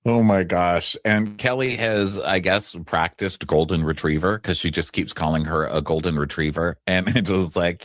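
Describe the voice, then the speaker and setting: A man's voice: low-pitched, normal speed, hardly any pauses, dry recording, clean studio sound. A man co-hosting a casual recap podcast, blunt and opinionated in his chat. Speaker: podcast co-host.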